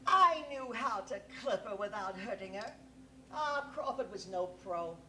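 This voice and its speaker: A man's voice: sits high, expressive, measured pace, pushed and bright, a little hiss or hum, heavily acted. A man playing an aging, acid-tongued female film star on stage, drawling and profane. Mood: scornful. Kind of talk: stage play acting. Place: theater stage. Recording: echoey live stage recording.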